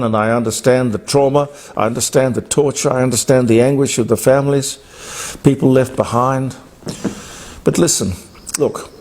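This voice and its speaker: A man's voice: mid-range voice, a little mellow. Blunt Australian talk radio man. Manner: emphatic, blunt, digressive. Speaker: radio host. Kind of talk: opinionated talk radio monologue.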